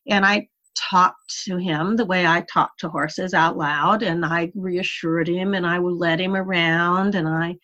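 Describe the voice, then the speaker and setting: A woman guest in an interview, telling a story in a lively, animated way. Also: fairly low pitch. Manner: animated storyteller, laughs while recalling. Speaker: interview guest, horse rider.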